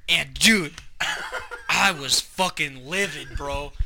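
A young man co-hosting a podcast, telling profane, animated stories in casual chat. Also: a little high, takes it slowly, gravelly, a crowd in the background. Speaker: podcast co-host.

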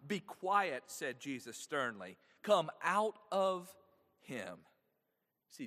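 A man preaching from the pulpit, his fairly high voice rising and falling widely as he leans on rhetorical questions. His words ring out with a long echo, as in a large church sanctuary. He talks to the congregation directly. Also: fairly bright tone. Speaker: pastor. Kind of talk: sermon.

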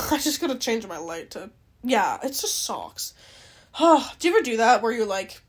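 A woman's voice: mid-range voice, slightly rough. A young woman hosting a podcast alone, chatting in a rambling, self-interrupting way and swearing freely. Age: young adult. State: dry-mouthed and out of breath. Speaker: podcast host. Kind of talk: casual solo chat.

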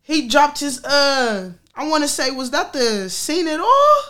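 She's a high-pitched, very animated vlogger with a sharp tone, talking a little slowly. Her personal story comes out candid and casual, with lots of slang, swearing, and laughter.

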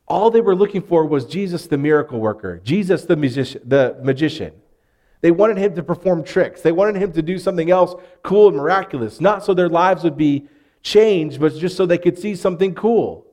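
A man's voice: a little high, darkish tone. A man in his thirties from Arkansas with a Southern US accent, preaching a sermon in an earnest, conversational way with rising emphasis. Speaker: pastor.

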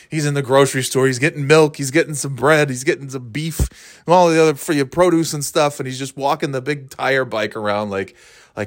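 A man's voice: medium pitch, steady tone, a little fast, no echo, clean studio sound. A man hosting a podcast, telling a rambling comic story with an amused tone. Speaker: podcast host. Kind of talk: casual comic monologue.

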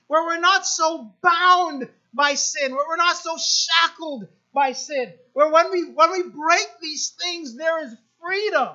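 A woman pastor delivers a sermon in a high, bright voice, taking her time and leaning on repeated phrases. She turns to the congregation with quick asides. The recording sounds dull and lo-fi. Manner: repetitive preaching with rising emphasis and asides to the congregation.

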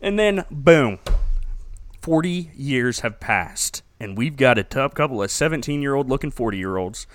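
A man recapping a movie for laughs, animated and often breaking into laughter. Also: medium pitch, unhurried. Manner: animated, laughing, joking storyteller.

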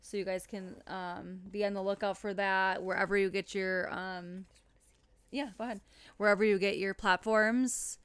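A woman's voice: mid-range voice, fairly even intonation, normal speed, a bit bright, clear, resonant tone, no room sound. A woman in her thirties co-hosting a casual podcast, chatting and telling stories about her kids. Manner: chatty, storytelling, laughs readily. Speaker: podcast co-host. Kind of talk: casual chat.

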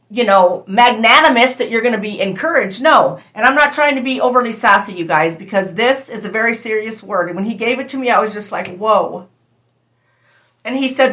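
A woman with a bright, fairly high voice delivers a prophetic word as a sermon. She speaks earnestly, retelling a scripture passage and then talking to her listeners in a casual, direct way. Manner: earnest, conversational, addresses listeners as "you guys". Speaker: prophetic preacher.

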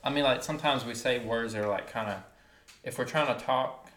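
A man's voice: medium pitch, fairly quick, fairly bright tone, a little hiss or hum. Southern man with a Wilmington accent. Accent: Wilmington North Carolina Southern. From Wilmington, North Carolina. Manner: rambling, searching for words with many ums. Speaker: podcast co-host. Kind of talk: casual podcast chat. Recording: echoey room.

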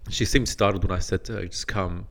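Laid-back man with a very low voice. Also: fairly even intonation, fast, creaky, a bit bright. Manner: laid-back, rambling, frequent restarts. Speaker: podcast co-host. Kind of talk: casual storytelling.

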